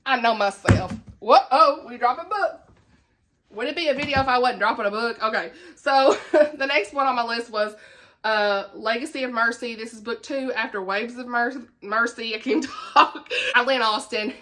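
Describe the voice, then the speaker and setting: Southern woman book vlogger, chatty and laughing, bright and forceful voice, a little high. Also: moderate pace, a little hiss or hum. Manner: chatty and laughing, with folksy asides. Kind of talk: casual chat.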